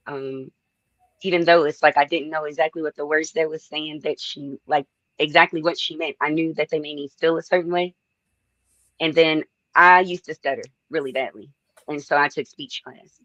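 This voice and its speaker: A guest poet from Louisville, telling their story in an unhurried, reflective way. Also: mid-range voice, a bit bright, dry recording, highs cut off. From Louisville, Kentucky. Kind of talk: casual interview talk.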